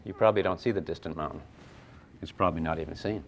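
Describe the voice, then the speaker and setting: An older man teaching a physics class, lively and playful, with sound effects and acted asides. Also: low-pitched, fast. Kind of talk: classroom lecture at a whiteboard.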